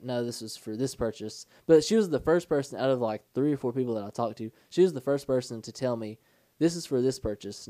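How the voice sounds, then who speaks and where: A young man co-hosting a podcast, telling rambling stories in casual chat with halting restarts. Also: mid-range voice, dark tone, no room sound. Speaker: podcast co-host.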